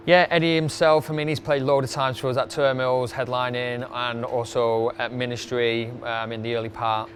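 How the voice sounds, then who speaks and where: A man's voice: medium pitch, a bit bright, slight background noise. A middle-aged man, chatting casually through a countdown, rambling with fillers. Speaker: club night promoter.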